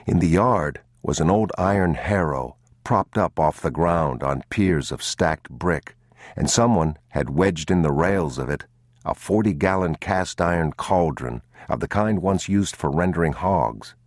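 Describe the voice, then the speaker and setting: A man narrating an audiobook in a grave, measured, somber manner. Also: sits low, animated, no room sound, clean studio sound. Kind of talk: scripted narration.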